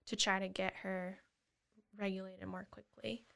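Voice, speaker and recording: A woman guest on a podcast, earnestly explaining how she supports children, often acting out gentle words to a child. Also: mid-range voice, flat delivery, measured pace, gravelly. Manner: earnest, acts out gentle parent dialogue. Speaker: guest, family therapist. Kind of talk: casual interview chat.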